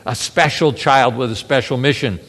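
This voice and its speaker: A man preaching a sermon, telling a scripture story with lively rhetorical questions to the congregation. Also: medium pitch, moderate pace, long reverb tail.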